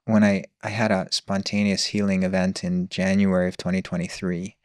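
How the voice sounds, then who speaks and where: A man's voice: sits low, completely flat delivery, darkish tone, dry recording, clean studio sound. A man telling his personal story as a podcast guest, earnest and searching. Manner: earnest, open, slow and searching.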